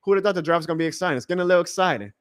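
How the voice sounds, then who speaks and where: A man hosting a live reaction stream in a casual, excitable, rambling way, chuckling often as he talks to his chat. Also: high-pitched, rapid-fire, smooth.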